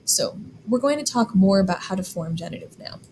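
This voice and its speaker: A woman explaining German grammar in a clear, deliberate lesson, slowing down to spell out examples. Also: mid-range voice, animated, a little mellow, a little hiss or hum, poor audio. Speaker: German teacher. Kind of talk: scripted classroom explanation.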